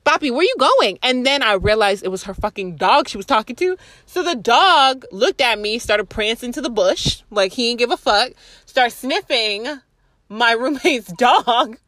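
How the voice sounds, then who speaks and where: A young woman spins a casual story to her viewers, swearing freely and breaking into laughter. Her voice sits fairly high and moves a lot, swinging up and down with the telling. The recording is dry and close, with no room sound. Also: a little slow, no echo. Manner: profane, animated, laughing storyteller. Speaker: vlogger.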